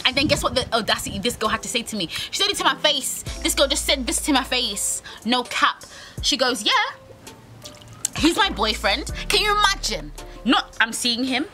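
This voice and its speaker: A woman's voice: on the high side, sharp tone. A young woman with a British accent telling a brash, profane, dramatic storytime on her vlog. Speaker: vlogger. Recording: music playing under the voice. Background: music.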